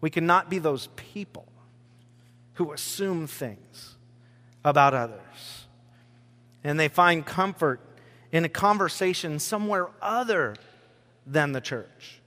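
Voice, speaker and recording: A man's voice: on the high side, animated, takes it slowly, pauses often, pushed and bright. A man preaching a sermon as pastor, talking conversationally and joking with his congregation in a church hall. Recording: long church-hall reverb.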